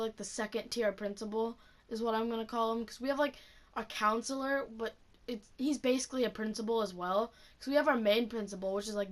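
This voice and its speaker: Teen woman, storytime vlogger, profane and rambling, slightly high-pitched. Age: teens. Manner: casual, profane, heavy use of "like". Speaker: student. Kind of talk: storytime vlog rant.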